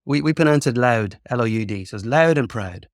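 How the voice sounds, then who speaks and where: A man's voice: mid-range voice, lively intonation, fast talker, no room sound, clean studio sound. A man in his fifties from Ireland with an Irish accent, a podcast guest chatting casually and telling stories with many ums and restarts. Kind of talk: casual interview chat.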